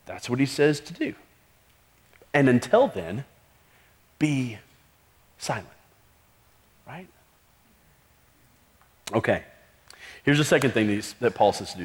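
A man's voice: medium pitch, very animated, unhurried, long pauses. A man preaching a sermon in a casual, conversational way, full of rhetorical questions and "like" fillers. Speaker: pastor. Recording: long hall reverb.

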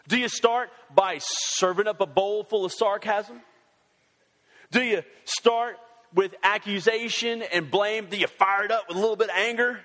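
High-voiced pastor in a reverberant hall. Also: male voice. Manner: animated, mixes sarcasm and humor with scripture reading. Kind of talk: sermon.

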